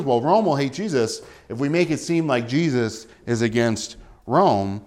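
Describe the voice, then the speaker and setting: A man's voice: a little high, normal speed, few pauses, a little mellow. A man preaching a sermon in a conversational way, often asking rhetorical questions.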